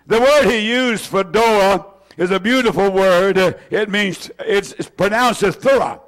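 Slow, emphatic high-voiced male preacher. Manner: slow, emphatic, repeating phrases; rises to shouting at peaks. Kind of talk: sermon.

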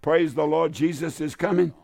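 A man's voice: a little high, fairly even intonation, normal speed, creaky. A man preaching and praying on his radio program, fervent and pleading, with heavy repetition. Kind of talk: radio sermon and prayer.

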